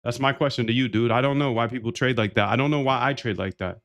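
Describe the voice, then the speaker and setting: A man's voice: medium pitch, fast, fairly bright tone. Chatty man live-coding, saying "dude" a lot. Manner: chatty, repeats phrases, says "dude" often. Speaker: coder streaming a live build. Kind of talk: casual live-coding commentary.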